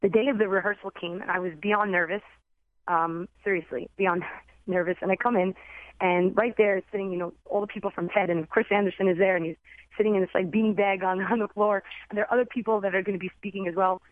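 A woman and former teacher, a guest in an interview, telling her personal story in an earnest, excitable way over the telephone. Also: mid-range voice, quick pace, no room sound. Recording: tinny phone line, dry.

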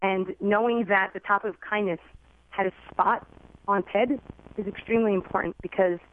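A woman and former teacher, a guest in an interview, telling her personal story in an earnest, excitable way over the telephone. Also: mid-range voice, normal speed, dry recording. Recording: tinny phone line, dry.

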